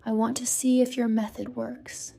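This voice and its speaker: A woman's voice: on the high side, little pitch movement, normal speed, gravelly, warm tone, dry recording. A woman reading the lines of a cautious male teacher colleague in a storybook. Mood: wary.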